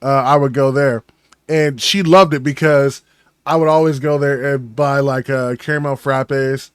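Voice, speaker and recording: A man's voice: mid-range voice, steady tone, unhurried, smooth, no room sound, studio quality. A man co-hosting a podcast, telling rambling stories in casual chat and swearing freely. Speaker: podcast co-host.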